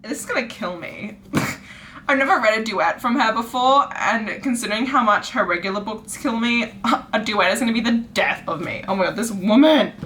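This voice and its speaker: A woman book vlogger unboxing packages in a casual vlog, gushing and squealing with excitement. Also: on the high side, normal speed, a little hiss or hum.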